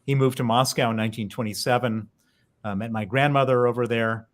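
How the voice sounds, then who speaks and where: A man's voice: medium pitch, fairly even intonation, brisk. American man in his fifties telling a story. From United States. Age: 50s. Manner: fluent storyteller with some restarts. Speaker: guest, author and investor. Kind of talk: interview storytelling.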